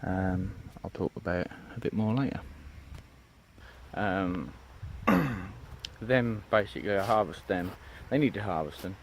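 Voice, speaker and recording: A low-pitched man strolls around his allotment for a casual walk-and-talk vlog, drifting between topics with plenty of ums and "you know what I mean." He speaks a little slowly and pauses often, recorded outdoors with a faint hiss of open air.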